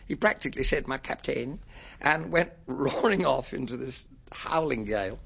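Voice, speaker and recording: Husky Englishman telling a story. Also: medium pitch, normal speed, muffled recording. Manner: animated, acts out the voices in his story. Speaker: interviewee. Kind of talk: storytelling anecdote.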